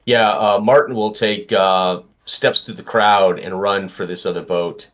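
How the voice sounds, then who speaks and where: A man playing in a tabletop game, describing his character's actions with many pauses. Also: on the low side, steady tone, fairly bright tone. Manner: hesitant, many uh fillers. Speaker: player. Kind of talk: tabletop role-play.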